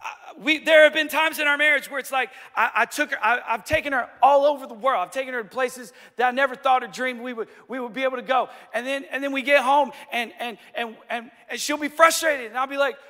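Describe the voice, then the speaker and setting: A man in his forties preaching a sermon from a stage, telling stories in an animated, emphatic and self-deprecating way. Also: extremely high pitch. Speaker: pastor. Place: stage in a large hall. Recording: reverberant hall.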